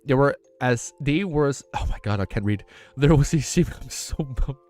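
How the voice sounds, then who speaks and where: Emotional streamer stumbling through a read-aloud. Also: male voice, medium pitch, lively intonation, normal speed, darkish tone, soft background music. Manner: emotional, stumbling over words, laughing at own misreads; casual, slangy, says man and dude a lot. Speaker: streamer reading a novel aloud.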